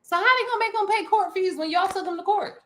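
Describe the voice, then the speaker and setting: A woman's voice: very high voice, fast talker, pushed and bright. A woman co-hosting a casual chat show, playful and rambling, often breaking into giggles. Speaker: podcast co-host.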